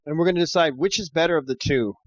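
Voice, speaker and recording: A man's voice: fairly high pitch, fast talker, no echo. A man from Canada co-hosting a podcast, with eager, playful interjections. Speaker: podcast co-host. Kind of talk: casual chat. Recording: dull, slightly lo-fi mic.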